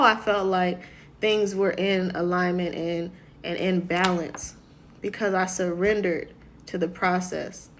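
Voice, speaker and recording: A woman's voice: on the low side, slight background noise. Woman giving a casual motivational talk. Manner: conversational, keeps asking "right?"; acts out quoted voices. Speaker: motivational speaker.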